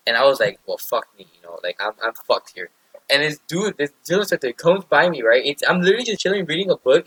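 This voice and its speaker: A man's voice: medium pitch, fairly bright tone, breathy edge, no room sound, low-quality recording. A young man, a podcast host, casually telling a rambling story with lots of fillers and swearing.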